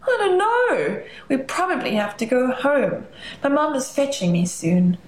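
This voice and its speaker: A woman voicing a caring, eager little girl in a high, sing-song child voice. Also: sing-song, slow pace, exaggerated voice. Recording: roomy echo.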